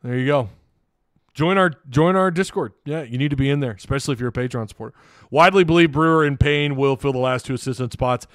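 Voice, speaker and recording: A man's voice: mid-range voice, fast, fairly bright tone, dry recording, studio quality. Chatty man hosting a sports talk show. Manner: rambling, chatty, lots of restarts. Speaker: host. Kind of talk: live sports talk show, reading chat.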